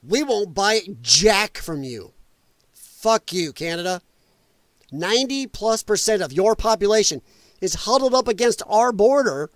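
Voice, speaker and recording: A high-pitched man rants through a political stream in a dry, close recording. He is profane and sarcastic, and he mocks the people he argues with in whiny put-on voices. The tone stays combative throughout. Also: no room sound. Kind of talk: casual ranting commentary.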